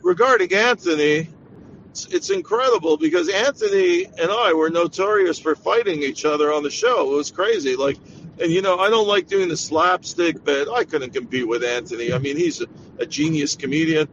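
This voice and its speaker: A man guest in a casual podcast chat, telling stories in a measured way. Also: a little high, expressive, a bit bright, dull audio, slight background noise.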